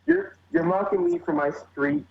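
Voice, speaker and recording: A man's voice: sits high, huge pitch swings, moderate pace, vocal fry. A man co-hosting a podcast who chips in with teasing interjections in casual chat. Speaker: podcast co-host. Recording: echoey muffled noisy remote line.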